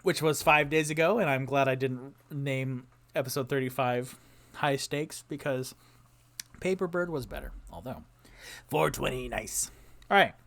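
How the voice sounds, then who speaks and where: A man's voice: medium pitch, lively intonation, a little slow, fairly bright tone. A man hosting a casual live stream from home, chatting with his audience and reciting playful rhymes and spelling games. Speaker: solo streamer host. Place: home streaming setup with a noisy fan. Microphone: streaming mic.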